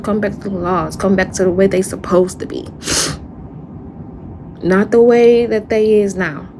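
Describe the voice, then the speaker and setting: An upset woman talking through an emotional livestream monologue, her voice sitting fairly high. She speaks slowly and haltingly, repeating her words and drifting off into sighs. A faint hiss of noise sits under her voice. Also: darkish tone. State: upset and distressed.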